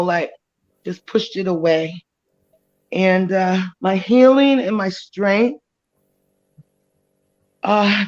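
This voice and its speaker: A woman giving an emotional personal testimony as a guest on a live chat, talking haltingly with many pauses and restarts. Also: medium pitch, highs cut off.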